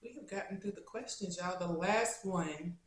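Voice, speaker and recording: A young adult woman vlogger answering questions in a casual, chatty, animated way. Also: on the low side, moderate pace. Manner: chatty and animated, turning tender and choked up. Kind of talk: casual Q&A chat to camera. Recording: echoey room.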